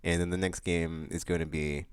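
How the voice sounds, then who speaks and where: A man hosting his monthly vlog, chatting loosely with lots of fillers, restarts and bursts of excitement. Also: deep voice, normal speed, clean tone, dry recording. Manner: excitable outbursts about upcoming games. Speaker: vlog host. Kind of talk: casual rambling monthly vlog chat.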